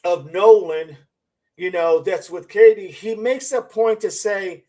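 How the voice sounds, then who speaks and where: A man's voice: high voice, unhurried, warm tone, rough recording. A man hosting a live-stream commentary, skeptical and repetitive, firing off rhetorical questions and reading viewer comments aloud. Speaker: channel host.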